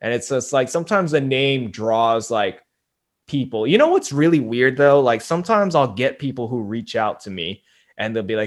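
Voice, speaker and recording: A man's voice: mid-range voice, normal speed. A young man talking casually on a podcast, rambling with lots of fillers and speaking frankly. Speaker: podcast host, guest.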